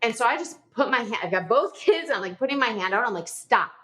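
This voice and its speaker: A woman in her forties, a podcast guest telling a personal story in a rushed, animated way, full of "like" fillers. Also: a little high. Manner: animated, talks in a rush with frequent "like" fillers.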